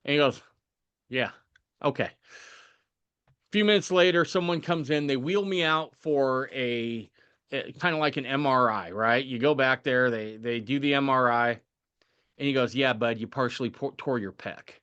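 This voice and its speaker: A male podcast host telling a story in a casual, animated way, often tagging his sentences with "right?". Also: mid-range voice, moderate pace, pauses often, clear, resonant tone, muffled recording.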